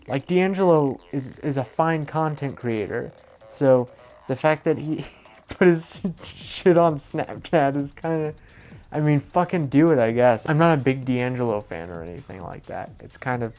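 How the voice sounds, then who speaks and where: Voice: mid-range voice, a little slow, a little mellow, soft background music. Rambling sarcastic commentary vlogger. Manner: rambling, sarcastic, swears freely, self-deprecating. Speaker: commentary YouTuber. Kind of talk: casual reaction commentary.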